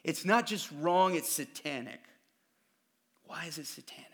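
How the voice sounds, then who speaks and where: Speaking unhurriedly at a fairly high pitch, a pastor gives a conversational, easygoing sermon. He regularly slips into acting out other people's words.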